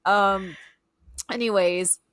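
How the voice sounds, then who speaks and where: A woman's voice: mid-range voice, fairly even intonation, drawn-out words, a bit bright. A young woman co-hosting a podcast, talking in a chatty, bubbly way with lots of "like". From United States. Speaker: podcast co-host. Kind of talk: casual chat.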